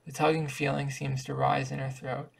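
A man reading a short story aloud in an even, careful way, now and then stumbling over a word. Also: mid-range voice, normal speed, creaky. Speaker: reader.

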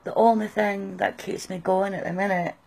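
A middle-aged British woman gives halting, raw, emotional personal testimony. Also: mid-range voice, little pitch movement, vocal fry, darkish tone. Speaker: person sharing her experience.

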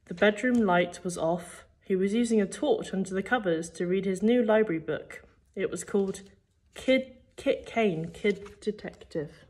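A woman's voice: medium pitch, a little slow. A woman teacher reading a children's book aloud, telling the story expressively. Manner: expressive storytelling, acting out the characters. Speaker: primary school teacher.

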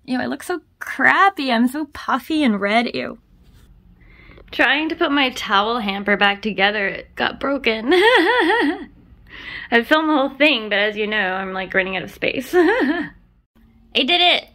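A woman's voice: on the high side, normal speed, pushed and bright. A woman vlogging at home, chatting to the camera as she moves between rooms, laughing often and poking fun at herself. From Canada. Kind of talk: casual vlog chat to camera.

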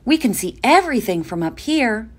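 A woman voicing an eager young boy leading a pretend adventure, bossy and excited. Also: on the high side, moderate pace, voice pushed up. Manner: excited, bossy make-believe.

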